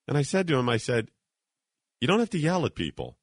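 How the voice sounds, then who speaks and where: Animated radio host man, crisp dry studio sound. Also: on the high side, quick pace, dry recording. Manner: animated, indignant storytelling with acted quotes. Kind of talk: talk radio monologue. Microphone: studio mic.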